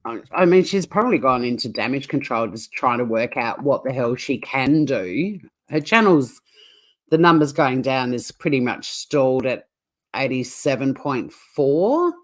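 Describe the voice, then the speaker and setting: A woman's voice: extremely low pitch, expressive, unhurried. An Australian woman co-hosting a casual reaction chat, blunt, swearing and laughing often. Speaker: channel co-host.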